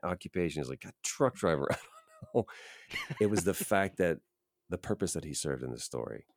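A man's voice: low voice, expressive, a little fast, gravelly, no room sound. A man, a voice actor and podcast guest, talking earnestly and reflectively as he gives advice. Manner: earnest, emphatic, advice-giving. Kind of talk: reflective interview talk.

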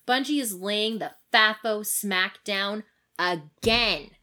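A woman's voice: mid-range voice, slow, pushed and bright. A woman co-hosting a casual gaming news podcast, sassy and emphatic, with blunt, profane asides. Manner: sassy, emphatic, swears, bursts of laughter. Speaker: podcast co-host.

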